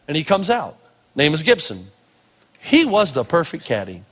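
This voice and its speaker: A man's voice: fairly high pitch, normal speed. A man from Tennessee preaching a sermon, telling stories and acting out the dialogue in raised voices. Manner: animated storyteller, acts out dialogue in raised voices. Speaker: pastor. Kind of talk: sermon with storytelling. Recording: long hall reverb.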